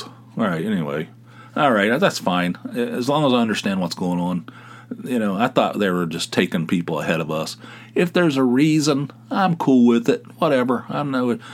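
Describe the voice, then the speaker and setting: A middle-aged man hosting a podcast, telling a rambling, sarcastic story in casual talk, with many restarts. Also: fairly low pitch. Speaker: podcast host.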